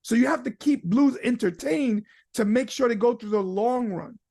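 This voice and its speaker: Guy teaching a webinar from his house, super animated, lots of ums and restarts, keeps doing little voices. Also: very high-pitched, moderate pace, vocal fry. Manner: animated, acts out quoted people in character voices; casual with frequent fillers and restarts. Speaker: business trainer. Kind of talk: webinar training talk. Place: at home.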